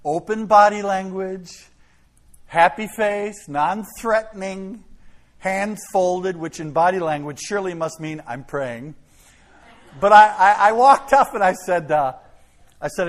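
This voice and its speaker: Animated, high-pitched preaching man. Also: measured pace. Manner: animated, dramatic storyteller. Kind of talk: sermon storytelling. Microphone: filmed by a camera operator.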